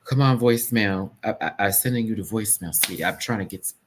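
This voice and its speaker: A man hosting a casual live-stream review, ranting to his viewers in a sassy, slangy, animated way that swings between loud bursts and soft asides. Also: fairly low pitch, quick pace, a little hiss or hum. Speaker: show review host.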